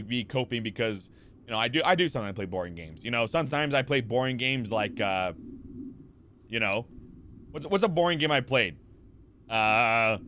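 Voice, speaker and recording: A man streaming from a home setup, chatting casually with viewers. He rambles in a lively way, reads chat messages aloud and answers them, with plenty of fillers and restarts, close to a desk mic. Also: mid-range voice, background noise. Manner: rambling, animated, lots of fillers and repeats. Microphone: desk microphone.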